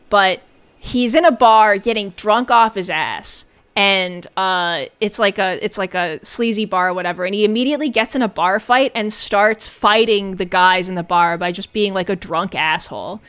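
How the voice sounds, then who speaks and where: A woman's voice: medium pitch, a bit bright, clean tone. A woman streamer giving a casual, sarcastic and profane recap of a film, often breaking into giggles.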